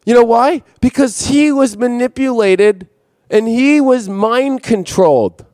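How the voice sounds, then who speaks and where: A man hosting an impassioned astrology monologue, intense and profane, circling back on his own phrases. His voice sits very high for a man. The sound is dry and close. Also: animated, measured pace, a little mellow, no room sound. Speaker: astrologer host.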